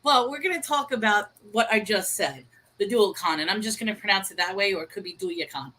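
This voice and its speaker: Bright-voiced chatty woman co-hosting a stream. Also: mid-range voice, fast, rough recording. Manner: chatty, self-deprecating about pronunciation; reads viewer chat aloud and greets viewers. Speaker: co-host of a livestream discussion. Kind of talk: casual livestream chat.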